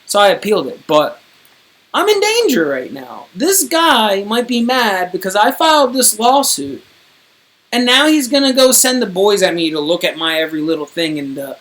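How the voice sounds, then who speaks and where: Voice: medium pitch, fairly bright tone. A streamer in a casual, rambling monologue to viewers, indignant and wordy, swearing now and then. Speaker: streamer recounting own court case.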